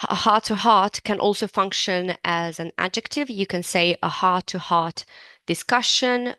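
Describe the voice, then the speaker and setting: Patient woman teaching English, lower voice. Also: fairly bright tone, clear, resonant tone, dry recording. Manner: patient, explanatory, breaks words down slowly; admits to digressing. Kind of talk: online English lesson.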